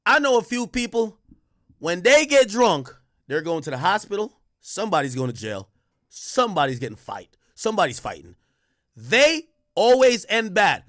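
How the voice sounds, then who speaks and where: A man hosting a livestream, giving blunt, animated commentary and swearing freely. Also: high voice, moderate pace, no room sound, studio quality. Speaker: streamer host.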